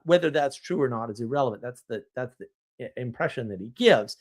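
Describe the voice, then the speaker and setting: Animated, opinionated male live-streamer. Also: mid-range voice, fairly quick. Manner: animated, opinionated, rambling with restarts. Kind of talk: casual live-stream talk answering chat.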